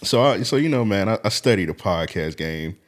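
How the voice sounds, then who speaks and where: A man co-hosting a podcast, talking in relaxed, joking banter and laughing often. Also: fairly low pitch, fairly quick. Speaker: podcast co-host.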